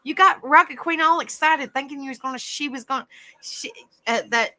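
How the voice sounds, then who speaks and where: A woman's voice: high-pitched, a little fast, pushed and bright. A middle-aged woman with a Southern US accent, casually chatting as a livestream host, reading out viewer comments and laughing often. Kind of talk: casual chat.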